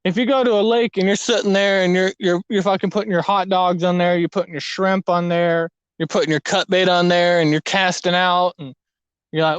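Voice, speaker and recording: A man's voice: high-pitched, a little fast, clear, resonant tone, no room sound, rough recording. A young man telling rambling, profane fishing stories in casual chat outdoors at a lake. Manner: profane, rambling, animated storytelling. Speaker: fishing vlogger. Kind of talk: casual storytelling while fishing.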